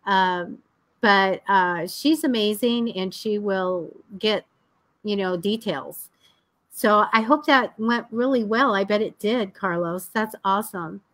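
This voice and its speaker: A woman's voice: medium pitch, slow, a bit bright. A woman co-hosts a live psychic show with a casual, chatty delivery. She laughs often and speaks bluntly. The sound is dry and close, with no room echo. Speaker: psychic co-host. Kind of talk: casual live-stream chat.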